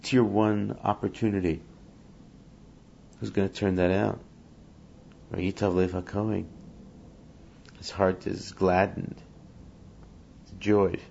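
A man's voice: low voice, little pitch movement, takes it slowly, gravelly, pauses often, warm tone, highs cut off, slight background noise. A man teaching a scripture lesson, reading Hebrew verses and explaining each one in English while acting out the speakers in the text. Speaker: Torah teacher.

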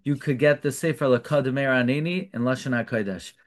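A man's voice: medium pitch, a little fast. A man giving a Torah lecture, translating Hebrew phrases and firing off rhetorical questions. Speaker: rabbi teaching Torah class.

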